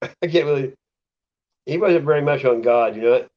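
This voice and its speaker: A man's voice: mid-range voice, normal speed. A man chatting casually in a laid-back way, laughing easily. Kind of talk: casual chat. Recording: dull lo-fi recording.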